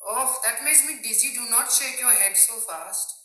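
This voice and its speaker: Bright, playful woman live-streaming. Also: a little high, normal speed, echoey room, poor audio. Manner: playful, joking, laughs at her own jokes; addresses viewers directly. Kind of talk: casual live-stream chat.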